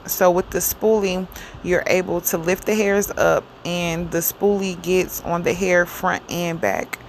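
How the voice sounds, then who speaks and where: A woman giving a casual hair tutorial, explaining each step in a chatty, relaxed way with plenty of fillers. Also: fairly low pitch, a little hiss or hum. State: cold and yawning. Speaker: hair stylist demonstrating a wig.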